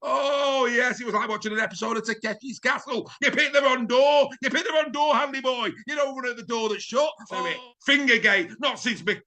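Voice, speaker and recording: A man does a comic rugby review in a high, bright, ringing voice. He is theatrical and gushing and shouts his punchlines. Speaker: rugby league pundit. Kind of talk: comic match review commentary.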